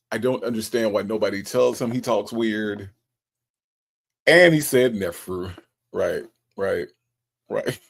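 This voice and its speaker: Animated gravelly man reacting to a clip. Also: mid-range voice. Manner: animated, exasperated, profane, addresses viewers as y'all. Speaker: host reacting to a clip and reading viewer comments. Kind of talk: casual reaction commentary.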